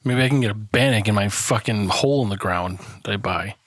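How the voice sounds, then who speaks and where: A male podcast co-host with a lowish, fairly bright voice speaks fairly quickly in casual banter, swearing heavily, laughing often and rambling through stories. The recording is dry.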